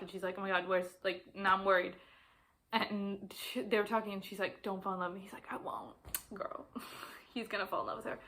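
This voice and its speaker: A woman's voice: mid-range voice, a bit bright. A young adult woman chatting casually about her favorite books, rambling and gushing with many fillers and restarts. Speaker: book vlogger.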